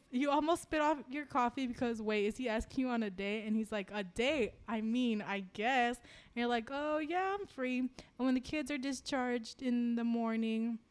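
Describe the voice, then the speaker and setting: A woman co-hosting a podcast, reading fan fiction aloud and chatting in an animated, giggly way. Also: on the high side, normal speed. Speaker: podcast co-host.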